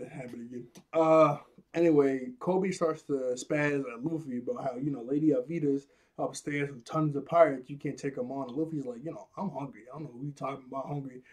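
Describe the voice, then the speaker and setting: A man's voice: mid-range voice, a little mellow. A young man casually recapping an anime episode, laughing often and acting out scenes in character voices.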